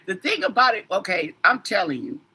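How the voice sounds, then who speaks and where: Lively, bright-voiced woman tarot reader. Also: medium pitch, a little fast, husky. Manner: rambling, talks straight to commenters. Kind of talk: casual livestream chat.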